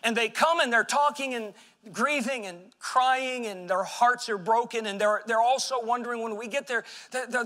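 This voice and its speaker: A man preaching a sermon as pastor, with impassioned delivery that swings between loud and hushed. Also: sits high. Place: church sanctuary.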